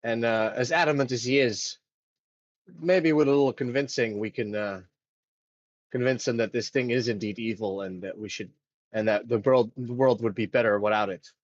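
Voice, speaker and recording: A man's voice: medium pitch, normal speed, no room sound, close to an everyday voice. A man voicing an earnest male adventurer, speaking hesitantly with many fillers on a dull, dry mic. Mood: persuasive.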